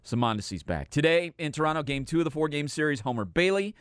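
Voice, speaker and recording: A man's voice: on the high side, expressive, fast talker, clean tone, no room sound. A middle-aged man talking casually as a sports radio host. He rambles and pokes fun at himself. The studio sound is dry and close. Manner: chatty, rambling, self-deprecating.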